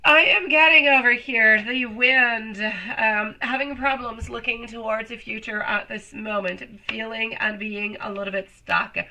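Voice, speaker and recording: A woman's voice: on the high side, steady tone, measured pace, hardly any pauses, pushed and bright, a little hiss or hum, poor audio. A woman doing a live tarot reading, chatty and affectionate, calling viewers sweetie and love, her voice still a little off while she recovers. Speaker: tarot reader.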